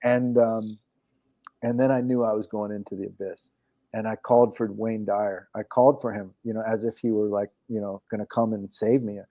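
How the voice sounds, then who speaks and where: A man's voice: lowish voice, steady tone, moderate pace, dull audio. A man as an interview guest, telling a story in casual conversation, rambling with frequent restarts. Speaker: guest, coach and program founder.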